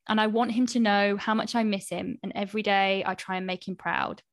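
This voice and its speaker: A woman co-hosting a podcast, reading listener messages aloud in a gentle, measured way with short asides. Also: mid-range voice, fairly even intonation, no room sound, studio quality. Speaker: podcast co-host.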